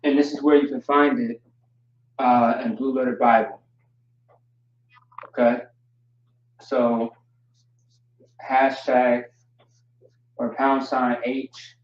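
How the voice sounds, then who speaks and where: A man gives a slow, deliberate livestream lesson, stopping often on fillers as he explains. He sits well back from the microphone, so his voice comes through roomy and distant. The audio has a dull, lo-fi quality. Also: mid-range voice. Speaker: teacher. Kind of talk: livestream teaching.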